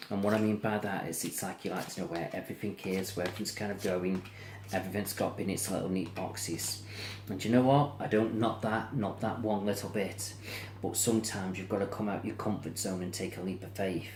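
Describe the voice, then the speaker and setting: Deep-voiced man as card reader, soothing and repetitive, a little weary, echoey room with faint background hum. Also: fairly even intonation, a little fast, a little mellow. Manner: soothing, repetitive, yawning and tired. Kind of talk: tarot-style reading to camera.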